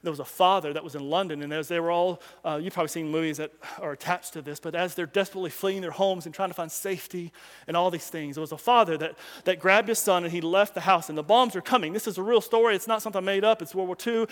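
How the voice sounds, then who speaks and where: A man preaching as a pastor on a Sunday morning, telling a story with animation and swinging from loud calls to hushed asides. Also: high-pitched, fairly even intonation, quick pace. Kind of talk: sermon. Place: church sanctuary. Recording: long hall reverb.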